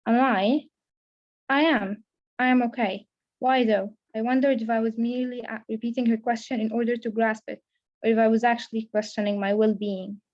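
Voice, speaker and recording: A woman's voice: on the high side, dull audio. A young woman, a creative writing student, reading her own first-person fiction aloud steadily, with small restarts. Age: young adult. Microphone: video call.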